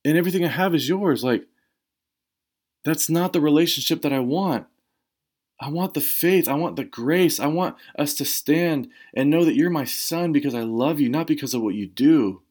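A man's voice: on the high side, normal speed, darkish tone. Casual, emphatic male preacher. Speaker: pastor. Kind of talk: sermon.

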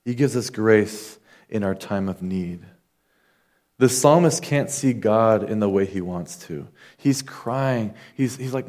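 Earnest man preaching, low voice. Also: slow pace, darkish tone. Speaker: pastor. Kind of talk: sermon.

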